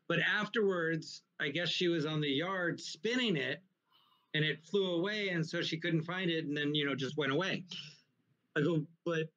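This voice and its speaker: A man who works as a comedian telling rambling, profane stories in a casual live interview. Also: on the high side. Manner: rambling, profane, animated anecdotes. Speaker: guest comedian. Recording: muffled, lo-fi recording.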